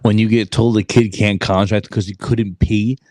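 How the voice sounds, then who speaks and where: Recruiter co-host, male, lively swearing storyteller, slightly low voice, no room sound. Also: moderate pace, dry recording, studio quality. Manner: animated, profane, says "bro" a lot. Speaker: podcast co-host, Marine recruiter. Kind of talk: casual chat, storytelling.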